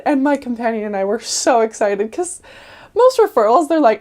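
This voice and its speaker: A young woman, a returned missionary, tells stories casually in a high, brisk voice with lively intonation and a darkish tone. She's chatty, leans on "like" and "um" a lot, and laughs often as she goes.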